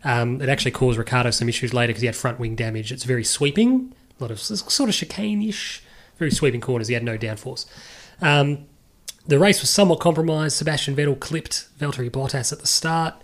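Male podcast co-host, mid-pitched, brisk, confident sports chatter. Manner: quick, confident motorsport rundown with frequent ums. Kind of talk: casual sports chat.

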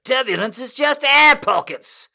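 A man's voice: extremely high pitch, lively intonation, measured pace, gravelly, bright, forceful tone, voice pushed up, heavily acted. A man voicing a suave male airline pilot with a put-on British accent, courtly and reassuring.

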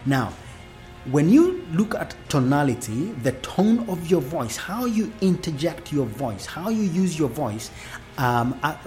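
Low-voiced woman giving a preachy motivational talk. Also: a little mellow. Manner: preachy, asks the listener many questions. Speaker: speaker on family relations.

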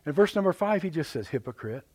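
Animated Midwestern man preaching. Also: on the high side, fast talker, dry recording. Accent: Midwestern American. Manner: animated, jokey, repeats words often. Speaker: pastor. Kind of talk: live sermon with storytelling. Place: church sanctuary.

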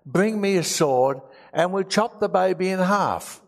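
A man's voice: high voice, expressive, unhurried, gravelly, pitched above the performer's own voice, heavily acted. A man voicing a bold, decisive ancient king, blunt and matter-of-fact, in a sermon.

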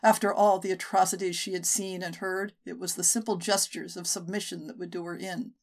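A woman narrating a short story for a podcast in a measured, steady way. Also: lowish voice. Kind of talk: audiobook narration.

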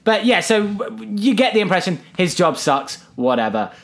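A man with a high-pitched voice talks casually through a film's plot with a friend. He is animated, jumps into the characters' lines in pitched-up voices, and swears freely. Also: normal speed, gravelly. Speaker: film podcast co-host. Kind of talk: casual film recap chat.

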